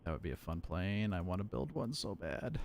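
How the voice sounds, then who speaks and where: A man's voice: deep voice, sing-song, fairly quick, gravelly, a little mellow. A man in his late thirties, an air traffic controller, chatting casually on a live stream and explaining things through repeated examples. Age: 30s.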